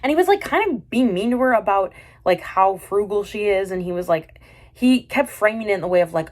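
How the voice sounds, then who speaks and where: A woman's voice: mid-range voice, expressive, a little fast, a little mellow. A woman reviewing a drama in a casual, exasperated and sarcastic rant, full of fillers and restarts.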